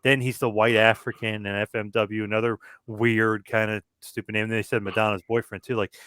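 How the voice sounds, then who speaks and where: Fast-talking, low-voiced man. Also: little pitch movement, dry recording. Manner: quick, analytical, thinks out loud. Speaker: podcast co-host. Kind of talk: casual podcast chat.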